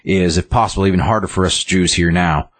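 A man's voice: deep voice, a little fast. A man voicing an old, dying male professor who is bitter and insistent, retelling a story aloud. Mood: urgent.

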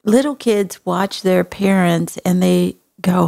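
A Texan woman hosting an advice talk, speaking frankly and with compassion. Her voice sits low and carries a gravelly fry. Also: steady tone, takes it slowly, a little mellow. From Texas. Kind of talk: advice talk show conversation.

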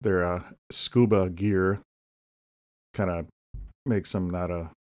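A man co-hosting a casual comedy podcast, rambling through deadpan jokes and asides. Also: low voice, slow pace. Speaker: podcast co-host.

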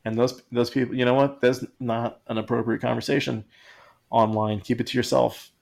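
A man's voice: mid-range voice, little pitch movement, moderate pace, creaky, a little mellow. A man co-hosting a podcast in casual, joking chat, rambling and acting out quotes in silly voices. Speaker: podcast co-host.

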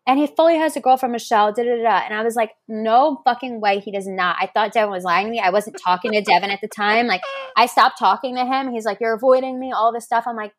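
A woman's voice: fairly high pitch, fast talker, few pauses. A woman guest on a podcast, telling stories animatedly in casual chat, acting out quotes and swearing freely. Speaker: podcast guest, reality show contestant.

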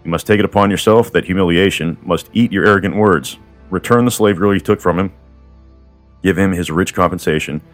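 A man's voice: low-pitched, fairly quick, faint music behind, natural voice. A man reading the part of an old, wise counselor, frank and paternal, lecturing the younger men. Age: older.

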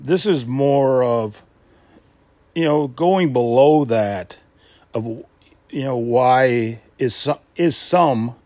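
A man talking loosely on his own podcast, doubling back and restarting his sentences as he goes. His voice sits at an ordinary middle pitch and is recorded very dry, close to the microphone. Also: warm tone, no echo. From Michigan. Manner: rambling, with many restarts and filler asides. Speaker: podcast host. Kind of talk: casual solo podcast talk.

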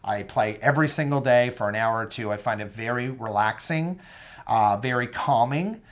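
A man's voice: medium pitch, moderate pace. A young man hosting a solo podcast, chatting casually and enthusiastically with many ums and asides to his listeners. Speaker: podcast host.

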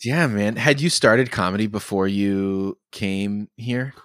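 A man's voice: lowish voice, slow, a bit bright, no room sound, studio quality. A man hosting a podcast, with a laid-back, casual way of talking and casual swearing. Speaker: podcast host. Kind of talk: casual chat.

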